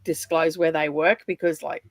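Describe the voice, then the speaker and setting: A woman's voice: deep voice, level tone, normal speed, no echo, faint music behind. A middle-aged Australian woman in casual chat on a livestream, rambling and chatty, with lots of fillers and frequent laughter. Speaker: livestream guest.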